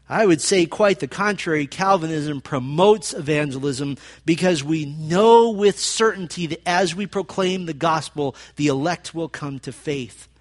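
Male pastor, sermon delivery, somewhat high-pitched, earnest and emphatic. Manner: earnest, rising to fervent emphasis when quoting.

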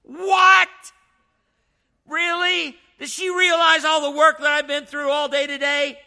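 A man's voice: high-pitched, fairly even intonation, slow, bright, forceful tone, clean tone, exaggerated voice. A man acting out a tired, hungry young seminary student who grows outraged about dinner. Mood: indignant. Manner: outraged rhetorical complaining.

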